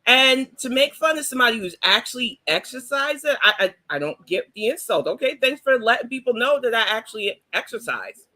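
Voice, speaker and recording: Blunt, bright-voiced New woman. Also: on the high side, animated, a little fast. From New York. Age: middle-aged. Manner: blunt and outspoken. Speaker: panelist. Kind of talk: casual panel chat.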